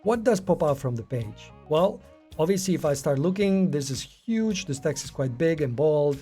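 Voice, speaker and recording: A man with a fairly high voice leads a screen-share lesson on email design. He explains in a relaxed, patient way and drops in the odd "uh". Faint music plays quietly underneath. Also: moderate pace, breathy edge. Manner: relaxed, explanatory, with frequent "uh" fillers. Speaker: online marketing tutor.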